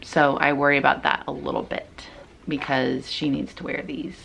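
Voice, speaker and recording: A young mother talks through her home routine in a low voice with some gravel in it. She explains each step as she goes, casual and chatty. Faint noise sits behind her. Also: flat delivery, normal speed, a bit bright. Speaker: vlogger and mother. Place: home bedroom.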